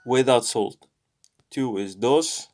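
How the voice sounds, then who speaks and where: A man going through a language lesson on his own, thinking aloud with many fillers and slowly repeating practice phrases. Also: mid-range voice, a little mellow. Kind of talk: casual self-study commentary.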